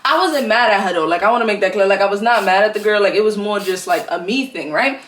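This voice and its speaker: A woman's voice: medium pitch, expressive, quick pace, fairly bright tone. A young woman in a casual storytime vlog, with a mid-range voice for a woman. She talks in a loose, slangy way and fills her sentences with "like" and "bro". She sounds like she is chatting straight to her viewers. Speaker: vlogger.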